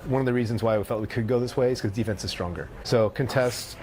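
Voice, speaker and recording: A man being interviewed as a game developer, explaining in a measured way with frequent fillers. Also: medium pitch, dark tone, a little hiss or hum. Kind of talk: interview explanation, played on stream.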